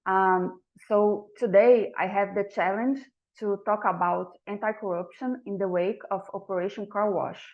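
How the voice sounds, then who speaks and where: A woman's voice: medium pitch, fairly even intonation, moderate pace, highs cut off. Woman giving a formal talk. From Brazil. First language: Portuguese. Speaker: guest speaker. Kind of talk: prepared academic presentation.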